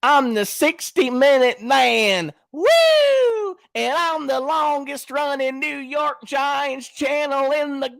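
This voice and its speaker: A man putting on the voice of a boastful male sports YouTuber, bragging in drawn-out shouts. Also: very high voice, gravelly, no room sound, clean studio sound, pitched above the performer's own voice, full character voice.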